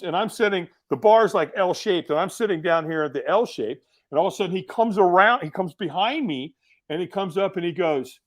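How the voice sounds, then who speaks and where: A middle-aged man telling stories as a podcast guest, in a casual, animated way full of fillers and restarts. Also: high-pitched. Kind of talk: casual storytelling.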